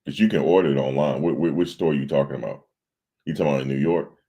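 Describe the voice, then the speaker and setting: Very deep, gravelly man chatting casually. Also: fast, mellow. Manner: rambling, talks to viewers in chat. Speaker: livestream host. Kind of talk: casual livestream chat.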